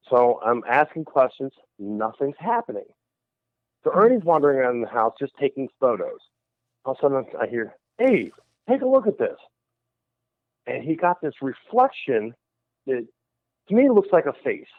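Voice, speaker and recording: A man's voice: mid-range voice, moderate pace, dry recording. Man telling a story over a tinny phone line. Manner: animated storyteller who acts out quoted voices. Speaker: paranormal investigator guest. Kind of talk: storytelling in a radio interview.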